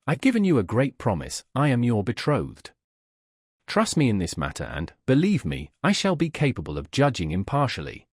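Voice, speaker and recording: A man reading the lines of an earnest, principled young woman in an audiobook, firm and measured. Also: mid-range voice, huge pitch swings, husky, no echo, studio quality. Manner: firm, measured, appealing to reason.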